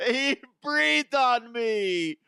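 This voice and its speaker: A childish, squealing grown athlete who whines like a hurt little kid, as a man puts him on. The voice jumps up high and loud in a thin, babyish wail. It is recorded dry and close. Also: lively intonation, extremely slow, creaky, clean tone, dry recording, heavily acted. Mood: whining. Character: whiny grown man playing basketball star, childish.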